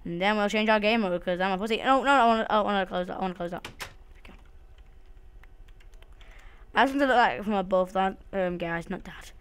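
A woman hosts a casual let's play, chatting to herself and to the game as she goes. She is jumpy and swears freely. Her voice is smooth and clear, sitting at an ordinary middle pitch. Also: fairly quick, pauses often. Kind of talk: casual gaming commentary.

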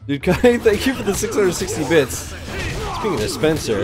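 A man's voice: fairly high pitch, expressive, brisk, loud music behind the voice. A young man casually commentating a game he plays on stream, loose and profane, laughing and reacting to chat as he gets sidetracked. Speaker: gaming streamer. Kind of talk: casual let's-play commentary.

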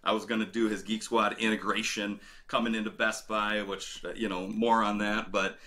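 Middle-aged man, low crisp voice, rambling interview guest. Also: little pitch movement, moderate pace, bright, forceful tone. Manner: rambling, many fillers and restarts. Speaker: former retail director, guest. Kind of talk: casual interview storytelling.

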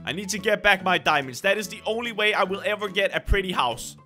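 A young man hosting a gameplay video, commentating in an excitable, dramatic way. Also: high-pitched, quick pace, soft background music. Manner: excitable, dramatic, shrieks at scares. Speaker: gaming video host.

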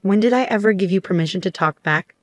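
A woman's voice: medium pitch, fast, no echo, clean studio sound, lightly acted. A woman reading the lines of a condescending, overbearing middle-aged mother in a storybook tale. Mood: scornful. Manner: scornful, demanding.

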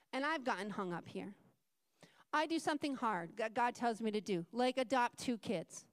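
A woman with a high, bright voice delivers a sermon in church, and her telling is lively, with acted-out voices. The sound is dry and close. She comes across as middle-aged. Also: dry recording. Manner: animated storytelling, acting out voices. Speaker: preacher.

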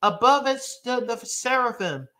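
A man's voice: very high-pitched, expressive, unhurried, pushed and bright. A man preaching a sermon, reading scripture aloud emphatically and breaking into casual asides to his congregation.

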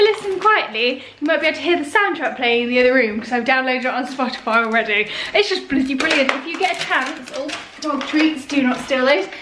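A woman's voice: high voice, a bit bright, slight background noise. Bubbly British woman vlogging. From United Kingdom. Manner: bubbly and gushing, with fillers. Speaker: lifestyle vlogger. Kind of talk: chatty vlog to camera.

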